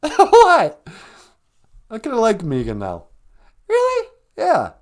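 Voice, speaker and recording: A man's voice: high voice, huge pitch swings, slow. A man hosting a casual live stream, joking and teasing in a playful way.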